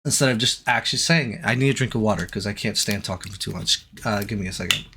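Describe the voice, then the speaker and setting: A male streamer giving a hesitant, halting apology, full of restarts and fillers. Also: fairly low pitch, gravelly, noisy background.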